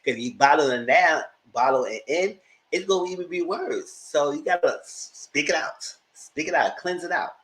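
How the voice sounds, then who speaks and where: A man's voice: moderate pace, rough recording. A man giving a casual, dramatic recap of a reality TV episode, acting out quotes and laughing often. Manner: animated storyteller, acts out quotes with high-pitched outbursts. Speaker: TV show reviewer.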